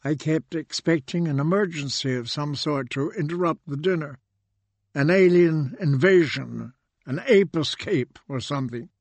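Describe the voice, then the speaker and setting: A man doing a polite, measured android hero. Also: a little high, no echo.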